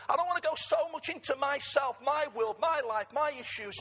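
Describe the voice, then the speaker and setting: Middle-aged english pastor preaching, high bright voice, raspy, cracks jokes to the church. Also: male voice, normal speed, hardly any pauses, in a large hall. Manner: preaching with humorous asides to the congregation. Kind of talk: sermon.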